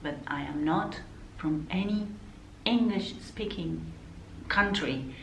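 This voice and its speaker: A woman's voice: on the low side, slow, vocal fry, a bit bright, roomy sound, a little hiss or hum, poor audio. A woman from Argentina with an Argentine Spanish accent, a counselor talking casually to the camera, chatty, often laughing and making apologetic asides. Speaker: counselor and vlogger. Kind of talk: casual to-camera vlog talk. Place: indoor room, not her usual spot.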